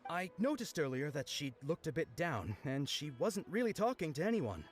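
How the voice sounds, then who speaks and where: An actor playing a bashful, earnest young knight who speaks hesitantly in game dialogue. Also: male voice, fairly high pitch, sing-song, moderate pace, soft background music. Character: shy young male knight, earnest and lovestruck.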